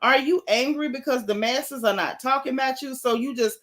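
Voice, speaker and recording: A woman's voice: sits high, moderate pace, a bit bright. Sassy Southern woman gossip host. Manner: sassy, emphatic, repeats lines for effect. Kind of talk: casual livestream gossip commentary.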